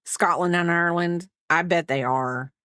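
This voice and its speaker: A fairly low-pitched, fairly bright voice at a moderate pace belongs to this middle-aged American woman from the United States. She chats and rambles casually while crocheting on a livestream, answering viewers between stitches, in a dry recording with clean studio sound.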